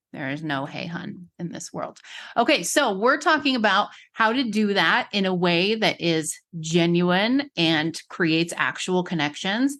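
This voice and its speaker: A woman hosts a casual podcast interview in a chatty, animated way. She laughs easily and keeps the talk lively. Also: fairly low pitch. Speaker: podcast host.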